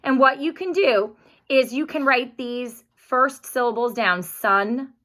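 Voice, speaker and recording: A woman teacher giving a recorded spelling lesson to young children, speaking slowly and clearly in an encouraging way. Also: on the high side, bright, forceful tone.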